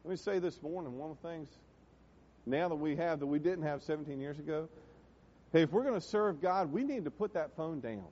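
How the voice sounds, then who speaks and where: A middle-aged man preaching a sermon in a church, emphatic, swinging from loud exhortations to quiet asides. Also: a little high, brisk. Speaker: pastor. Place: church sanctuary. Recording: dull, reverberant church hall recording.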